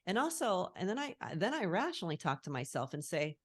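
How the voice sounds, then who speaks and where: A woman's voice: on the low side, very animated, quick pace, few pauses, no echo, clean studio sound. A middle-aged woman talking earnestly as a guest on a call, reflective and searching for her words. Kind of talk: casual conversation on a call. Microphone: call recording.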